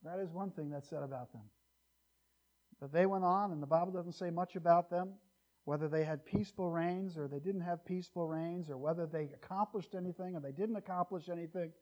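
A male pastor preaching an expository sermon in a church, animated and given to joking asides, his loudness rising and falling widely. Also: a little high, a little fast, highs cut off.

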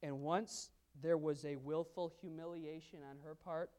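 A woman's voice: deep voice, steady tone, measured pace, dark tone. Earnest woman teaching a Bible class. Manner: earnest, emphatic, pleading in quoted prayers.

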